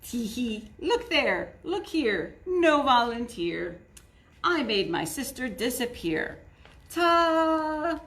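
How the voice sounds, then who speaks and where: A woman's voice: fairly high pitch, very animated, slow pace, fairly bright tone, heavily acted. A woman voicing a boastful young boy squid magician who announces himself in a grand, theatrical way. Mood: showy.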